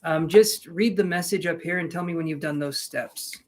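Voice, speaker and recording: A man hosts a live tarot reading in a relaxed, chatty way. His voice sits a little high for a man. He calls out viewers' names and jokes between draws. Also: moderate pace, background noise. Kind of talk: casual live-stream chat.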